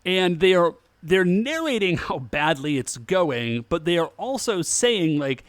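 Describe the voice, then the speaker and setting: A man co-hosting a podcast in casual chat, recapping the plot in a relaxed way. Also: sits high, measured pace, hardly any pauses, dry recording. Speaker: podcast co-host.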